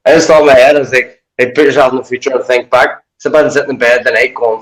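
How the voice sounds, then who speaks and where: Brief: male podcast guest, ex-fighter turned coach, mid-pitched voice, rambling and profane. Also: very fast, few pauses, rough recording. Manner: rambling, swears a lot, acts out his own inner talk. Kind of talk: casual chat.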